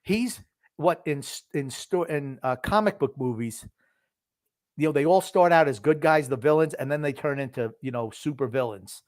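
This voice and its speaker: A man's voice: a little high, normal speed, darkish tone. A man co-hosting a casual podcast, narrating a fight video play-by-play and adding sound effects. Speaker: podcast co-host. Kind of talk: casual chat reacting to a video.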